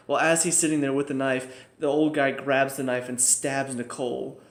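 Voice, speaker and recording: A young man casually reviewing TV episodes, excitable and laughing often, his voice jumping up when enthused. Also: mid-range voice, fairly quick, few pauses. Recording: echoey room.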